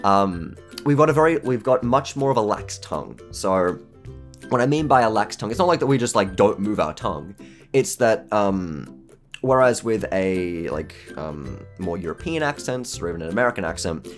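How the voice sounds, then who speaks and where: A man's voice: lowish voice, animated, normal speed. A young man with an Australian accent giving a casual, rambling online presentation and often restarting his sentences. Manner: rambling, frequent restarts, laughs at himself. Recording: faint background music.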